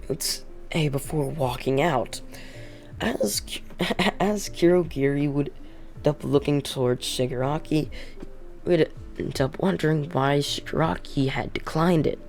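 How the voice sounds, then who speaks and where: Woman storyteller, deep for her sex, casual rambling narration. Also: a little slow, a little mellow, faint music behind. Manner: rambling, repeats "would end up".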